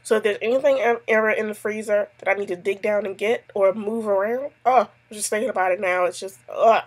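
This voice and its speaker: Woman vlogger, casual chat, digressive storyteller, mid pitch. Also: fairly even intonation, fairly quick, breathy edge. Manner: chatty, tells stories with lots of asides. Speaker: YouTube vlogger answering a tag; mother.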